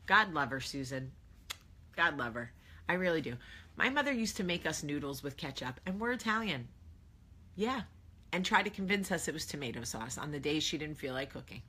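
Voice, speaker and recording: A woman in her thirties tells a story straight to camera, her low voice husky yet sharp and bright. She talks casually, bursting into loud shouts when she acts out moments. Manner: animated, shouting when reenacting, conversational. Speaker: vlog host.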